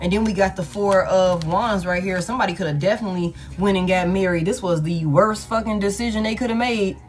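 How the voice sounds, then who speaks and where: A woman giving a casual tarot reading in a blunt, profane, animated way, repeating herself for emphasis. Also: mid-range voice, fairly quick. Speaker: tarot reader.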